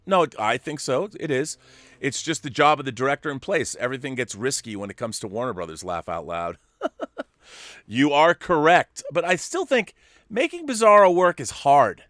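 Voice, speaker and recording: A man hosts a relaxed livestream, reading out viewers' messages and responding off the cuff with quick asides. His voice sits at an ordinary middle pitch. The sound is close and dry, with no room behind it. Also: no echo. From California. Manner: chatty, quick asides and chuckles. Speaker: show host reading super chats. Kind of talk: casual livestream chat.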